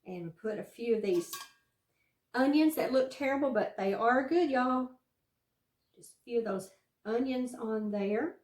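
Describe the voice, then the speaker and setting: A woman's voice: on the high side, lively intonation, measured pace, long pauses, a little mellow, reverberant. A woman with a Southern US accent hosting a casual home cooking show, chatting in a folksy, encouraging way from her kitchen. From Southern United States. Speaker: cooking channel host.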